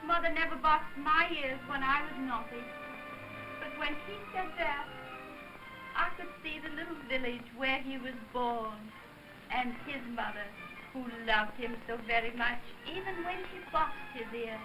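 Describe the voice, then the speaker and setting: An actress playing an earnest, tender young princess who speaks softly and wistfully in a 1930s film. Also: female voice, sits high, measured pace, low-quality recording. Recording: 1930s film soundtrack with music.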